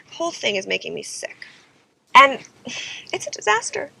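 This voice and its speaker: A woman's voice: on the high side, sing-song, a little fast, vocal fry, pushed and bright, slightly rough, poor audio. A young woman singer telling a personal story in a dramatic, exasperated way, often saying "like" and "okay?". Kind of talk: confessional storytelling vlog.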